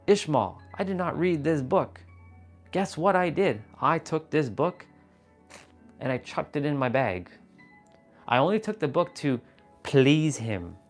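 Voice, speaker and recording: Animated, profane man telling a story. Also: mid-range voice. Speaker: livestream host. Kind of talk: casual storytelling livestream. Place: room at home.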